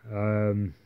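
Sweary low-voiced man rambling. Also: warm tone, clear, resonant tone. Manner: rambling, heavy swearing, many fillers and tag questions. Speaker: vlogger. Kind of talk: casual monologue.

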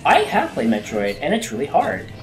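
A man playing a video game with a friend, excitable and joking crudely. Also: medium pitch, moderate pace. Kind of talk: casual gaming chat. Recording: roomy with game music behind.

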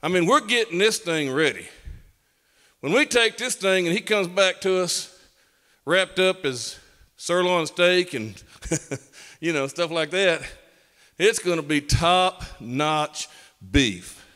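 A man's voice: high voice, expressive, a little slow, long pauses, bright, forceful tone. A man preaching a sermon as pastor, folksy and emphatic, his voice rising in bursts. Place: church sanctuary. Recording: long hall reverb.

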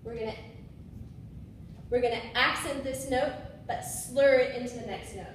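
A woman gives a relaxed instructional demonstration of swing phrasing to musicians, singing syllables and catching her own slips. Her fairly high voice holds a steady tone at normal speed. Recorded far off in an echoey room with a board, there's slight background noise.

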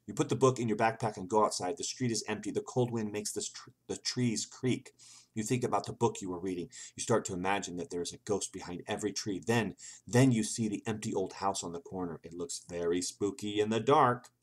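A man's voice: lowish voice, a little fast. A man reading an old computer game's text aloud and reacting to it with sarcastic, swearing asides. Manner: sarcastic, swearing, laughing at the game. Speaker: gaming video host.

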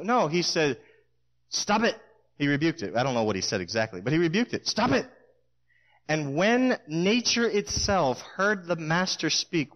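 A middle-aged man preaching a sermon in a church, telling stories with lively acted-out quotes. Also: fairly high pitch, lo-fi sound. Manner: storytelling, animated, acts out voices in quotes.

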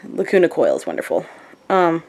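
A woman's voice: huge pitch swings, moderate pace, darkish tone, no echo. A young woman in casual vlog chat, telling her day in a chatty, upbeat way. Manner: chatty and upbeat, high baby talk to her dog. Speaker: vlogger.

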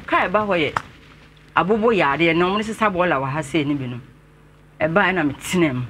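A Ghanaian man speaks as an interview guest, slightly high and bright in tone. He talks earnestly and respectfully, with faint ambient noise behind him. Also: expressive, normal speed, long pauses. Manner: earnest, respectfully addressing the host. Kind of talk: telling his life story in an interview.

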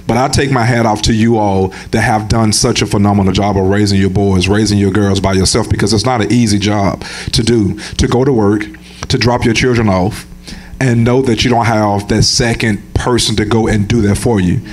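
A man's voice: lowish voice, steady tone, moderate pace. A man acting as pastor, interviewing a church member and encouraging single mothers in the congregation. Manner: encouraging, affirming. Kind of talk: church interview and sermon address.

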